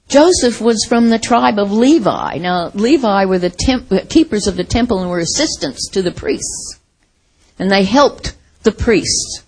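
A middle-aged American woman from the Midwest preaching a sermon in a conversational, animated way, often laughing and acting out quotes. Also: medium pitch, slightly rough, poor audio.

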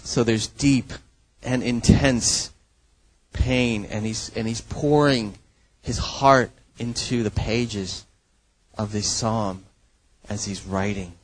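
Slow, earnest male preacher. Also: on the low side, steady tone, no room sound, low-quality recording. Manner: earnest, emphatic preaching with frequent "right?" asides. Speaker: pastor. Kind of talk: sermon.

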